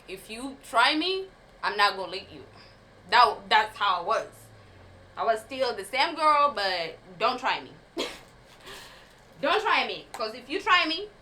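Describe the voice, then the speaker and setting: A young woman tells a story in a casual vlog, animated and quick to laugh, cursing freely. Her voice sits a little high and sounds bright and forceful. Faint noise hums behind her. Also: rough recording. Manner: animated, swearing, laughs often. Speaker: vlogger telling a story.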